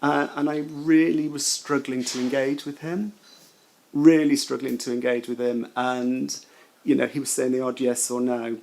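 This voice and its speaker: Man, middle-aged, former nurse, mid-range voice, emotional, halting, repeats words. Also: medium pitch, little pitch movement, vocal fry, a little mellow, poor audio. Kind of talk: personal testimony.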